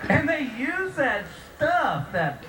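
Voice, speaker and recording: A man's voice: extremely high pitch, wildly swooping pitch, takes it slowly. A man, doing a stand-up comedy routine and acting out the voices of the people in his story. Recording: distant echoey recording with loud background noise.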